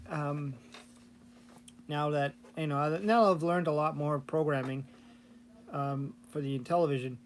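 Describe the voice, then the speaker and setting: On his channel, a man who programs games as a hobby talks casually about coding for old consoles, his voice fairly high in pitch. The chat is rambling, full of fillers and false starts, with a little hiss or hum in the audio.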